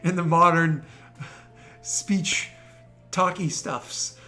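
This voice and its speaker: A man from the United States running a tabletop game, chatting and joking with his players in a rambling, animated way. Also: fairly high pitch, very slow, soft background music. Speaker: game master.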